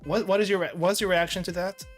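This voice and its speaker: A woman's voice: lowish voice, fairly even intonation, fast. A woman from the Philippines hosting a stream, chatting casually and laughing as she reads and plays a text adventure, repeating phrases, with faint music behind. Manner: laughs a lot, repeats phrases while reading and typing. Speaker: streamer host. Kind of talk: casual chat while playing a text adventure.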